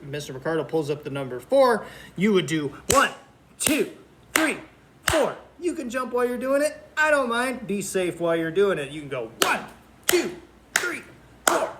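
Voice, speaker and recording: Guy teacher with a high voice doing a kindergarten counting game, cheery sing-song counting, patient. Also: sharp tone, a little hiss or hum. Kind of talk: remote lesson for young children.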